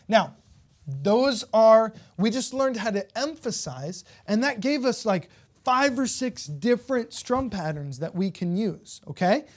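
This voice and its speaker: A woman's voice: medium pitch, a little mellow. Encouraging woman teaching ukulele. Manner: patient, encouraging, checks in with "okay?" often. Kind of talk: step-by-step music lesson, counting beats aloud.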